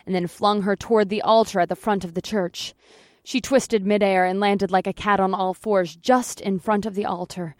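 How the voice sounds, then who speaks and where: A woman reading a first-person audiobook at a mid pitch, steady and matter-of-fact, with the odd curse dropped in. The recording is dry and close. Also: no room sound. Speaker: audiobook narrator. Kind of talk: first-person scripted narration.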